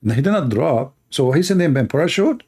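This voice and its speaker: A man with an Arabic accent talks in a sarcastic, mocking way, ribbing the clip he is reacting to. His voice sits a little high for a man. He hosts with a teasing, playful edge. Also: lively intonation, fairly quick, warm tone, slightly rough. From Middle East. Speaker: show host reacting to a clip. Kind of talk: mocking commentary.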